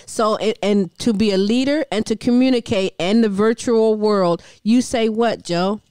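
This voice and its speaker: A woman's voice: mid-range voice, moderate pace, a little mellow, smooth, no echo, clean studio sound. A woman hosting a talk show, speaking emphatically and encouraging her guest. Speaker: host. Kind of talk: casual interview chat.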